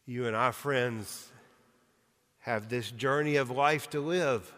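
Male pastor, slow deliberate sermon, long hall reverb, mid pitch. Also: fairly bright tone. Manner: earnest, rhythmic preaching with emphatic lists.

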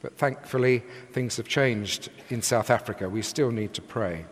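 A man's voice: mid-range voice, moderate pace. Older man preaching in an echoing church. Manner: lively, emphatic preaching cadence. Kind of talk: sermon. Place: large church with long reverb. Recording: echoey church hall.

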